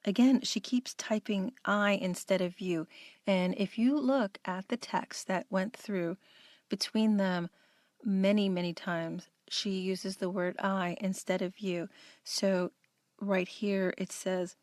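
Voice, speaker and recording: A woman's voice: mid-range voice, steady tone, slow pace, a little mellow, no room sound, studio quality. A woman giving earnest, emphatic true-crime commentary, analyzing a mother's behavior.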